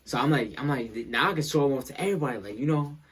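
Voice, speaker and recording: Husky young man telling a rambling story. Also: mid-range voice, lively intonation, very fast. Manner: rambling, repeats himself, acts out quoted lines. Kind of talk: casual storytime.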